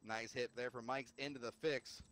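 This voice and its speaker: A man's voice: medium pitch, fairly even intonation, normal speed, fairly bright tone. A man casting a live game stream, joking and bantering between calls. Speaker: esports caster.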